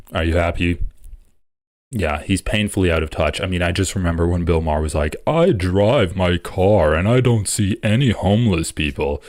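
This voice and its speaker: A man with a low, deep voice hosts a live political stream. He reads from an article and keeps cutting in with profane, animated comments. His dry, close sound carries no room echo.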